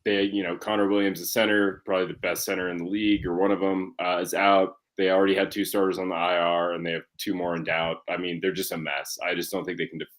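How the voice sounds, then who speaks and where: A man on a panel giving relaxed, slightly hesitant betting picks in a casual chat. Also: deep voice, fast talker, hardly any pauses.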